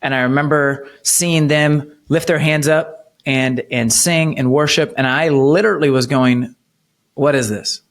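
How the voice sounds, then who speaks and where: A man in his thirties, a podcast guest, earnestly telling a personal story of faith, slowing down to stress key moments. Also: fairly high pitch, steady tone. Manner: earnest storytelling, slows for emphasis. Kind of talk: personal testimony in an interview.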